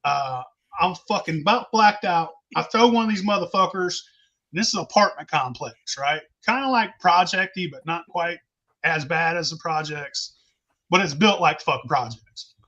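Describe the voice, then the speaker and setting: A rowdy man tells a wild tale, cursing in nearly every sentence and laughing as he goes. His voice sits high and rings bright. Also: moderate pace, highs cut off. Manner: rowdy, swears constantly, laughs mid-story. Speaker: podcast host telling stories. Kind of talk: casual profane storytelling.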